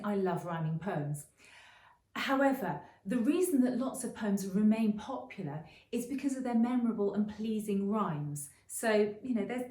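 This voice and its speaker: A middle-aged woman teaching creative writing in a chatty, explanatory video lesson, often pausing with ums and restarting phrases. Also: mid-range voice, mellow, distant mic. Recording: roomy echo, voice a bit off-mic.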